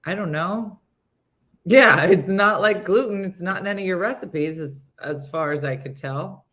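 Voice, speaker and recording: A woman in her fifties hosting a casual morning show, telling a story with animated delivery and acting out her friends' voices. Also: fairly low pitch, normal speed. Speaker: host.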